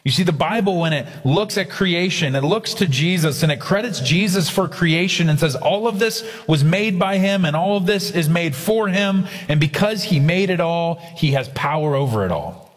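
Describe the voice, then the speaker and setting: A man's voice: on the high side, lively intonation, normal speed. Emphatic male preacher in a reverberant hall. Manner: emphatic preaching with repeated phrases and asides to the congregation. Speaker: pastor. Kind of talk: sermon.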